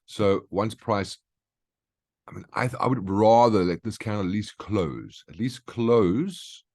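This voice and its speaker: Man, very low voice, trading chart walkthrough, keeps asking okay. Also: unhurried, a little mellow. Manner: instructive, frequent "okay?" check-ins. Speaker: market analyst host.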